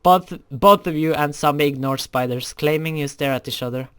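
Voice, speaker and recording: A man's voice: a little high, moderate pace, smooth. A young man reading a fan story aloud, often stumbling over words and correcting himself.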